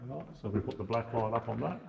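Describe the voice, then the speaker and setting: A man's voice: medium pitch, fast talker, gravelly, highs cut off, background noise. Easygoing Australian man guiding a tour. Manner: easygoing, explanatory, jokey. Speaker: tour guide. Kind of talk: guided tour talk. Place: underground opal mine tunnel.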